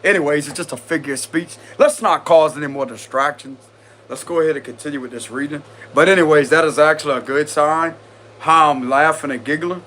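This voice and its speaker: Guy on a tarot live stream, keeps cracking up, kinda high voice, slangy, bit of hum behind him. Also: a little fast, pushed and bright. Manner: giggly, keeps breaking into laughter; chatty slang-heavy address to viewers. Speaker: tarot reader.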